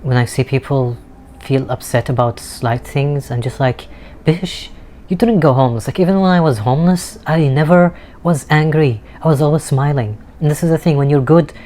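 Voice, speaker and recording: A man with a slightly high, mellow voice speaks at normal speed, barely pausing, as he records a vlog on a city street near some street music. The monologue is personal, candid and emotional, earnest with the odd swear word.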